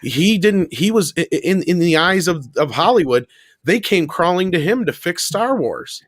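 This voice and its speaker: A man's voice: high-pitched, animated, moderate pace, no room sound. A man hosting a casual podcast chat, blunt and dismissive.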